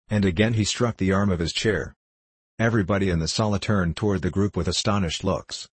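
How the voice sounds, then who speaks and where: A man narrating an audiobook in a measured, even reading. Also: deep voice, husky, no room sound. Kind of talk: scripted narration.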